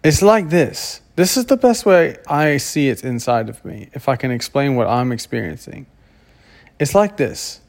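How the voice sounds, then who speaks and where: A man's voice: medium pitch, lively intonation, moderate pace, hardly any pauses. A man talking to camera in a casual monologue, rambling and often stopping to search for words. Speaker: vlogger.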